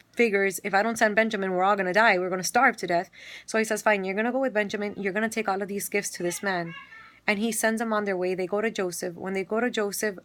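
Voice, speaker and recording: A woman's voice: mid-range voice, fairly bright tone. A woman casually retelling a Bible story, filling it with quoted dialogue and everyday fillers.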